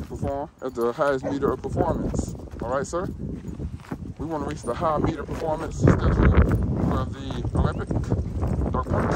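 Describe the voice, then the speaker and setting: A man vlogging at a dog park, giving playful commands and praise to his dog in a joking, casual way. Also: mid-range voice. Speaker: dog owner and trainer vlogger. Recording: outdoor noise, loud background.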